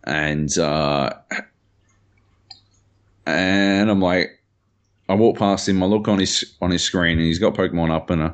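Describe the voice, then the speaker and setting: A man's voice: deep voice, normal speed, pauses often. A young man co-hosting a podcast, rambling through casual stories, swearing freely and laughing often. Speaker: podcast co-host. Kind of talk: casual chat.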